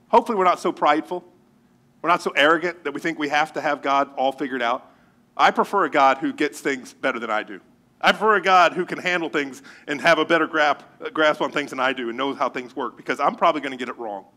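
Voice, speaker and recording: A male pastor preaching a sermon, animated and joking as he tells stories. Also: a little high, brisk. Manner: animated storytelling with jokes.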